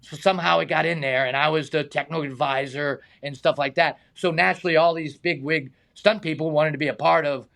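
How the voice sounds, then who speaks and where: Middle-aged stuntman with a drawl, somewhat high gravelly voice, lively storyteller. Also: fairly quick, hardly any pauses. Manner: animated anecdotes, acts out quoted voices, laughs often. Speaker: stunt man and high diver, guest. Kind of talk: casual storytelling interview.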